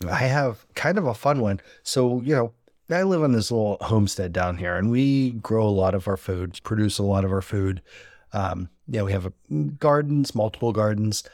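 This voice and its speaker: A man's voice: on the low side, a little mellow, no room sound, clean studio sound. A man hosting a cooking podcast, chatting casually in a rambling, self-deprecating, joking way. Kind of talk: casual chat. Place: rural homestead.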